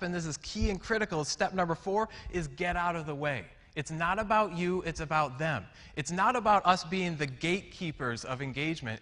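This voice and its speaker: A young man giving an energetic conference talk, acting out little scenes as he speaks. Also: fairly high pitch. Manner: upbeat, acts out little scenes. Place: large hall. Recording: long hall reverb.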